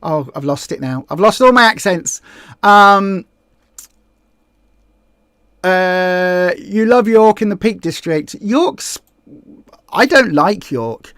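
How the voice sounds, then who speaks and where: A high-pitched man hosting a casual weight-loss livestream. He chats loosely and rambles through viewer comments, restarting sentences as he goes. The sound is dry and close, with no room echo. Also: expressive, takes it slowly, pauses often, fairly bright tone, smooth. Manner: chatty, rambling, with frequent restarts and mock-tourist asides. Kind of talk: casual live chat reading viewer comments.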